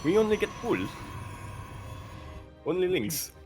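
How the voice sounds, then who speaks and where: Man, esports caster, live commentary, chatty, fairly high voice. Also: music in the background. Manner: chatty, laughs easily, quick excited bursts.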